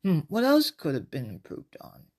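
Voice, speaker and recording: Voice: medium pitch, huge pitch swings, normal speed, a little mellow. A podcast host giving a casual movie review in a chatty, rambling way, often restarting sentences. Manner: rambling, self-interrupting, chatty.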